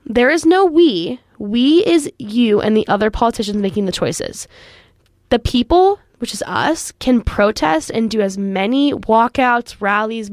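Young woman, late teens, youth radio host, impassioned and frustrated, fillers "like", higher-pitched voice, dry sound. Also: no room sound. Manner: frustrated, earnest, heavy use of "like". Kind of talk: impassioned personal commentary.

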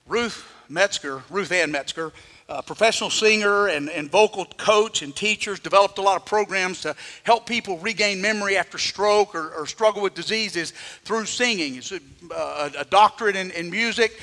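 A man's voice: high voice, fairly quick, bright, forceful tone, long reverb tail. A man preaching a sermon as pastor, dramatically acting out the voices he quotes, in a church.

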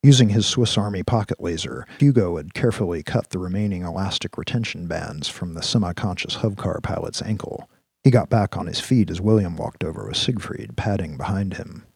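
A man narrating an audio drama in a steady storytelling manner. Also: low-pitched, brisk, gravelly, slightly rough, no echo, studio quality.

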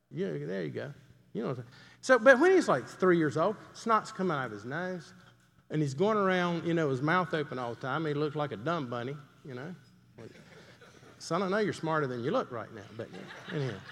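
Folksy middle-aged male preacher, lively pitch. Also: creaky. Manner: folksy, conversational, asks the crowd questions. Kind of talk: storytelling sermon. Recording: long hall reverb.

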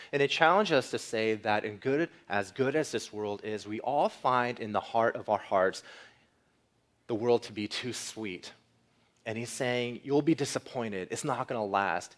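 A male pastor delivering a sermon with earnest emphasis, easing into a quiet closing prayer. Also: mid-range voice, a little slow. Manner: earnest preaching, rising for emphasis, softening into prayer.

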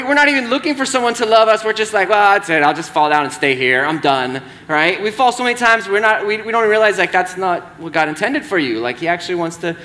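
Young man, pastor, casual sermon, high voice, bright tone, conversational asides. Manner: conversational, animated, frequent "right?" asides.

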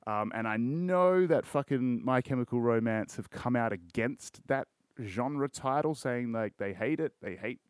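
A man's voice: medium pitch, animated, measured pace, clean tone, dry recording, clean studio sound. An Australian man hosting a solo podcast, rambling in casual chat with lots of swearing and crude jokes. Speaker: podcast host.

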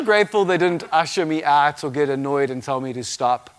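A man preaching a sermon, telling a personal story with animated, laughing acted-out reactions. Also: a little high, a little fast, few pauses, clear, resonant tone. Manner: animated storytelling, acts out his own reactions with laughing outbursts.

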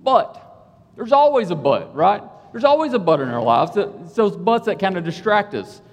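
Animated man preaching in an echoing hall. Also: sits high, normal speed. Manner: conversational, self-deprecating, animated storytelling. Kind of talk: sermon. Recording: reverberant hall.

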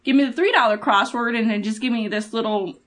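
A woman's voice: a little high, fast talker, a bit bright. A woman co-hosting a casual chat, telling everyday stories and acting out what people said. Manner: chatty storyteller, quotes people in dialogue. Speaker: podcast co-host.

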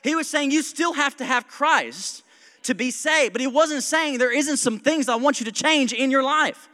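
A male pastor preaching a sermon in a church, conversational and joking, with quick asides, frequent chuckles and a self-described smart-aleck streak. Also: very high-pitched, pushed and bright. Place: church sanctuary. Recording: long reverb of a church hall.

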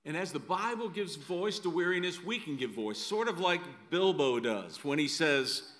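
A man's voice: on the high side, lively intonation, moderate pace, fairly bright tone. A middle-aged male pastor preaching a sermon in a conversational way, often adding "right?" asides.

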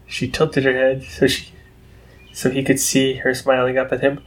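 A man reading a story aloud in a steady, unhurried voice. His pitch sits in an ordinary middle range, neither high nor low. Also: poor audio. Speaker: narrator. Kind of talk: reading fan fiction aloud.

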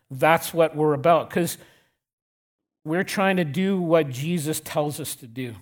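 A male pastor preaching a sermon in a church, blunt and direct, repeating key lines and slowing down to drop his voice on the important words. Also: a little high.

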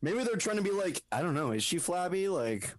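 A man's voice: high voice, sing-song, a little fast. A man co-hosting a podcast, chatting casually about a TV episode, laughing often and swearing. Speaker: podcast co-host. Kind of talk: casual chat recapping a TV show.

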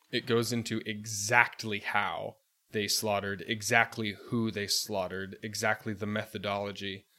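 Grave man, lowish voice, storytelling. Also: pushed and bright. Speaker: podcast co-host. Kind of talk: casual podcast discussion.

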